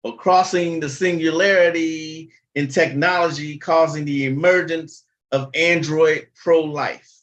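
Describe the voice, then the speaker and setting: A man putting on a pompous know-it-all who talks in slow, lofty word salad. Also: on the high side, steady tone, a bit bright. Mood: mock-pompous. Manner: slow, lofty, mock-intellectual.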